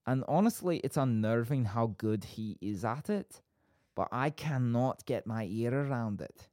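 A man co-hosting a casual podcast, talking fast and rambling with frequent fillers and asides. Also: mid-range voice, animated, darkish tone, no room sound, clean studio sound. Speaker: podcast co-host.

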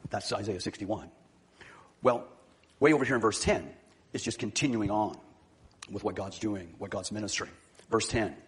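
A man's voice: fairly low pitch, moderate pace, pauses often, husky. A middle-aged man, a pastor, preaching a sermon in a church, moving from a conversational story into fervent exhortation.

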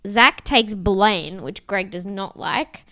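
A woman's voice: medium pitch, takes it slowly, bright, forceful tone. A young woman casually recapping a reality show with a co-host, chatty and laughing often, with frequent swearing. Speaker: podcast co-host.

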